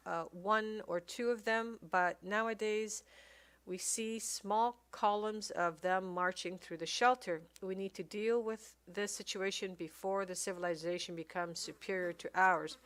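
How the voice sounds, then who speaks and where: A woman giving casual gameplay commentary, reading game text aloud and thinking out loud with many pauses and fillers. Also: mid-range voice, steady tone, clean tone. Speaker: let's play commentator.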